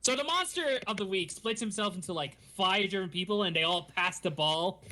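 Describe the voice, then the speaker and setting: A man hosting a podcast, recapping a show in animated, giggly casual chat. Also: sits high, fairly quick. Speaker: podcast host.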